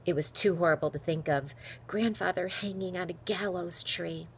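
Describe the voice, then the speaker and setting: A woman reading a children's novel aloud with expressive storytelling. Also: fairly low pitch, normal speed, slight background noise. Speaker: reader.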